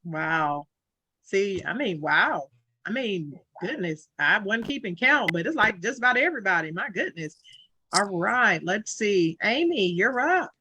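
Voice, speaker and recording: A woman's voice: medium pitch, very animated, unhurried, pushed and bright. A woman hosting a video call, effusive and emotional, talking in a casual, informal way. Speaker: host.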